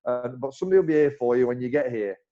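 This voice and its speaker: A man's voice: medium pitch, very fast, warm tone, highs cut off, lightly acted. A man with a northern English accent mimicking a chirpy male cricket club staffer on the phone, with an Essex accent, eager and overfriendly. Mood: reassuring.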